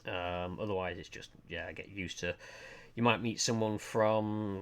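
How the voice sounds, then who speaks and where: Guy streaming at his desk mic, kinda low voice, rambling casual chat, lots of ums and uhs. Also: steady tone, unhurried, clean tone. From United Kingdom. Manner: musing, hesitant with fillers.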